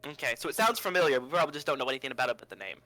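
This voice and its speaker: A man playing in a tabletop game on a livestream, joking and asking quick questions. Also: medium pitch, lively intonation, sharp tone, no room sound. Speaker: player. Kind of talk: casual tabletop game chat.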